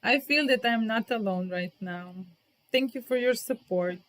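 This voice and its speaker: A woman teacher giving a live grammar lesson, speaking, repeating example sentences slowly and talking to viewers in the chat by name. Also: fairly high pitch, a bit bright. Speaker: English teacher.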